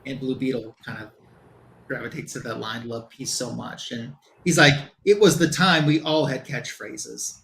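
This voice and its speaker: A man's voice: medium pitch, moderate pace, creaky, fairly bright tone. A man on a comic book show, casually recapping a plot in loose quoted dialogue with lots of fillers.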